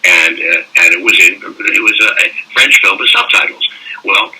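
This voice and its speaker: An older man, a voice actor, telling animated anecdotes in a casual interview and slipping into mock French-accent bits. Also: deep voice, normal speed, husky. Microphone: phone call. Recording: distant phone-call audio.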